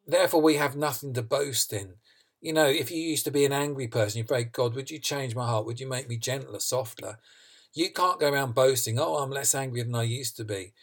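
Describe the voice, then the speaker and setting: Guy preaching a sermon, earnest, mid pitch, punches key words. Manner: earnest, emphatic, asks and answers own questions. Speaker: pastor.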